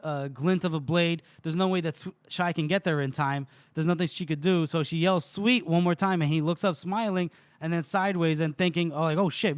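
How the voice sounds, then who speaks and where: This man co-hosts a podcast, casually recapping book chapters and quoting the characters' lines with frequent laughter. His voice is fairly high, clear and resonant, with no echo.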